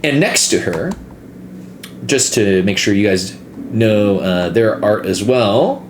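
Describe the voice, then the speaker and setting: A man's voice: lowish voice, lively intonation, slow pace. A man running a tabletop game as game master, talking with hesitant fillers. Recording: echoey room with faint noise.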